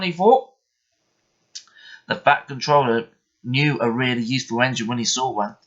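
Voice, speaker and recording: A man reading a bedtime story aloud in an expressive, measured way. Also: medium pitch. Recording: muffled lo-fi recording.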